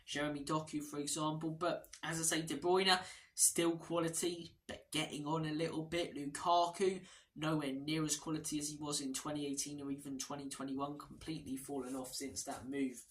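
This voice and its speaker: A man's voice: fairly high pitch, little pitch movement, normal speed, low-quality recording. A man hosting a casual football predictions vlog, chatty, blunt and opinionated. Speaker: football channel host.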